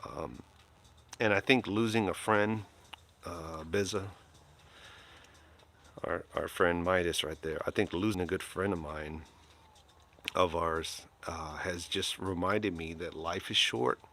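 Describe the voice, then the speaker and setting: A man's voice: low-pitched, fairly even intonation, slow, pauses often, fairly bright tone. An older man casually chatting to his viewers, rambling and heartfelt with lots of fillers and restarts. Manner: emotional, kind-hearted. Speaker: live streamer.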